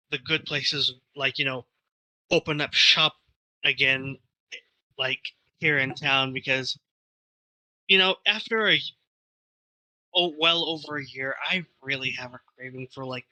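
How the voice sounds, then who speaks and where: A man's voice: medium pitch, measured pace, long pauses, pushed and bright, rough recording. A man co-hosting a podcast, telling rambling stories in casual chat with fillers and cursing. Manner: rambling, storytelling with fillers and profanity. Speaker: podcast co-host.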